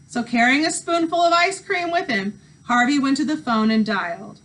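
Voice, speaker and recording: A woman teacher reading a novel aloud to students with expressive narration. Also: sits high, normal speed, poor audio.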